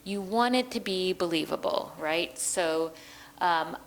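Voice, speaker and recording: A woman translator and librettist talking through her craft in a relaxed interview, thoughtful and chatty, often pausing with ums. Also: on the low side, rough recording. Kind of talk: conversational interview.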